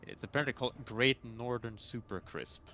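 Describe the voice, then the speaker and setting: A man chatting while gaming, who talks haltingly with many fillers and restarts as he brings up news. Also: mid-range voice, pushed and bright, slight background noise. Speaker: co-player. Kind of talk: casual chat while playing.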